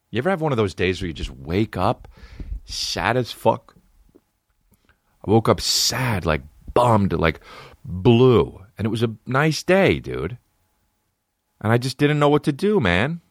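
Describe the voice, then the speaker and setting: A man's voice: fairly low pitch, sing-song, a little slow, no room sound, clean studio sound. A man hosting a podcast, talking in a profane, sarcastic, rambling comedic monologue. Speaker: podcast host.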